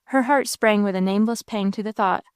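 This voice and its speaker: A woman narrates a classic novel in a measured, expressive way. Her voice sits at a middling pitch, and the recording is dry and close, with no room sound. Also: smooth, no room sound. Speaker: audiobook narrator. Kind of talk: scripted narration.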